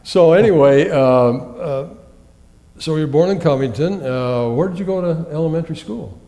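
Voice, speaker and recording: A man's voice: a little high, normal speed, dark tone. A man conducting an oral history interview, chatty and hesitant with many fillers. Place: library room with long reverb. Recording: reverberant hall.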